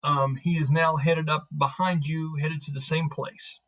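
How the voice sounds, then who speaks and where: A man's voice: fairly high pitch, little pitch movement, measured pace, a bit bright, highs cut off. A man narrating as game master in a tabletop game, casual and rambling with lots of fillers.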